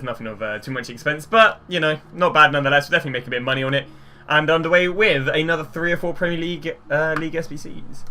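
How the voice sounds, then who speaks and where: A young man chatting casually through pack openings, rambling and getting excitable at big pulls. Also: a little high, slight background noise. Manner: excitable, chatty, rambling, gets loud at walkouts. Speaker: gaming YouTuber.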